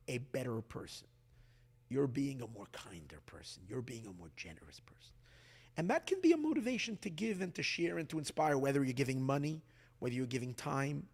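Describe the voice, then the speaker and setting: Male rabbi, impassioned class, lively swings from hushed to loud, reverberant hall. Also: on the high side. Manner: animated, voices the body and Earth speaking, swings from hushed to loud. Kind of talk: Torah class.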